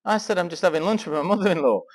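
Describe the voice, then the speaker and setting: A middle-aged man from England telling an animated personal story to a Christian men's gathering, acting out the dialogue as he goes. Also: high voice, racing. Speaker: speaker at a men's Christian weekend. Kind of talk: storytelling talk to a live audience.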